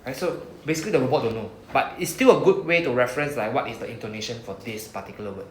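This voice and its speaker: A man's voice: medium pitch, racing, roomy sound, a little hiss or hum. A man with a Singaporean English accent teaching a Japanese class in a chatty, casual way, drawing out sounds as he models words.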